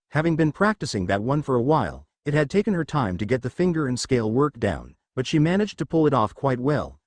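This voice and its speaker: A man reading fan fiction aloud as the narrator, in a steady storytelling manner. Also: mid-range voice, dry recording.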